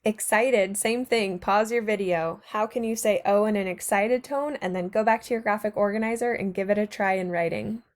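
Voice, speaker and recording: A woman's voice: mid-range voice, moderate pace, hardly any pauses. A woman teacher narrating a recorded slideshow lesson to her students, patient and encouraging, speaking to them directly.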